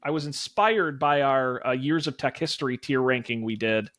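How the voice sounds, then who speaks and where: A man's voice: mid-range voice, normal speed, fairly bright tone. A man hosting a casual podcast over a video call, rambling through plugs with plenty of fillers. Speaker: podcast host. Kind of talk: casual chat.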